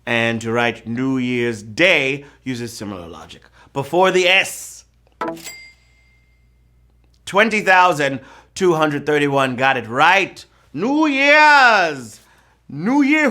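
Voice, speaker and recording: A man's voice: medium pitch, sharp tone. A man hosting a live trivia show, reading questions with playful rhyming quips and jokes. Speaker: trivia game show host.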